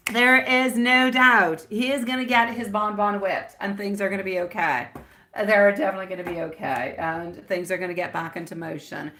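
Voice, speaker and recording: Woman, live tarot host, bright voice, giggly and chatty with viewers. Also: medium pitch, a little hiss or hum. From France. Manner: giggly, chatty, calls viewers sweetie and my love. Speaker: tarot reader hosting a live stream. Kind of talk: live tarot reading chat.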